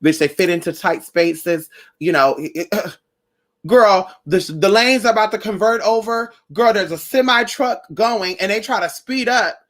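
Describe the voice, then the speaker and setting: A young woman vlogging in a casual chat with her viewers, blunt and profane, telling animated stories. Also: mid-range voice, unhurried. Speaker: spiritual vlogger.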